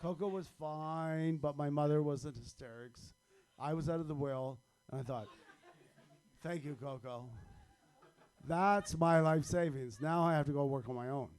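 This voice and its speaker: A man's voice: on the high side, moderate pace, darkish tone, clear, resonant tone. A man telling a darkly comic personal story on stage at a live storytelling event, wry and chuckling at his own punchlines.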